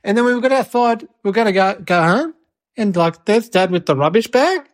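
A woman's voice: medium pitch, animated, a little fast, lightly acted. A woman performing a cheeky little boy in a comedy sketch, telling a rambling story with giggles and mocking impressions of his relatives.

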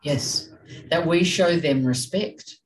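A woman's voice: low voice, takes it slowly, distant mic, low-quality recording. A woman co-hosting a parenting talk, speaking in a direct, passionate, emphatic way. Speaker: parenting podcast co-host. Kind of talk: casual discussion.

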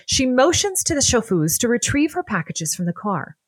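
A woman narrating a scripted history podcast in an expressive, playful way. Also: fairly high pitch, normal speed, husky, no echo. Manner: expressive and playful, laughs often.

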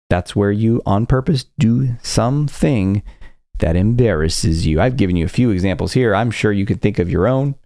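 Lively low-voiced male podcast host. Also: no room sound, clean studio sound. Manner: animated storytelling with acted quotes. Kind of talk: self-help podcast monologue.

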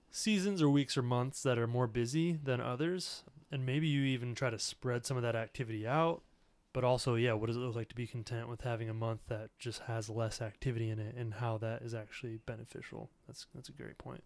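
A man in his thirties talks things through in an earnest, reflective tone, often leaning on filler words. His voice is smooth and resonant, at an ordinary pitch. The sound is close and dry, with no room echo. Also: fairly quick. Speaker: podcast host. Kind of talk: casual conversational podcast.

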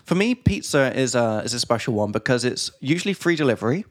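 A man's voice: medium pitch, sing-song, fast. A man hosting a podcast in casual chat, explaining English expressions as he talks. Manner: chatty, explains expressions as he goes. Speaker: podcast host and English teacher. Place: studio.

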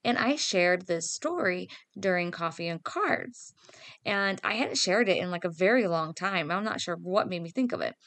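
A woman's voice: on the low side, animated, moderate pace, a bit bright, no echo. A woman hosting her own spiritual podcast as a psychic medium, talking casually in a chatty, upbeat, self-deprecating way. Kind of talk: casual solo podcast talk.

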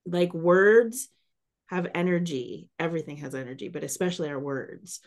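A woman in her forties hosting a podcast, speaking in a relaxed, confiding way. She muses aloud and shares stories of her own. Her voice sits somewhat low for a woman. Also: normal speed. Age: 40s. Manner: reflective, confiding, chatty. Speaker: podcast host. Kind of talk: casual chat.

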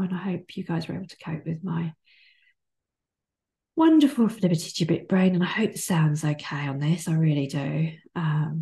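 A woman in her forties hosting a casual solo podcast, chatty and rambling, swearing now and then and drifting into soft whispered asides. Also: lowish voice, gravelly. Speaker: podcast host.

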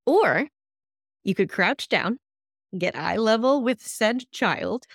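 Woman hosting a lively self-help podcast. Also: a little high, a little slow, no room sound, studio quality. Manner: lively coaching tone, acts out imagined reactions. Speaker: podcast host.

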